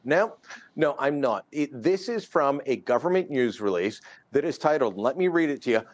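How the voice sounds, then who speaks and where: Man, political commentator, opinionated, chuckling, animated, dry. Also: on the high side, no room sound. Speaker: political columnist guest. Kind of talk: news interview commentary. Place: remote studio in another city.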